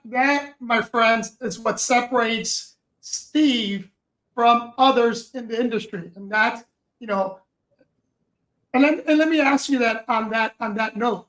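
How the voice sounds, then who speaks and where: A woman's voice: fairly high pitch, measured pace, rough recording. A woman hosting a podcast, praising her guest and asking long, stumbling questions. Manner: warmly encouraging, stumbles through long questions. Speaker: podcast host. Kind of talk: interviewing.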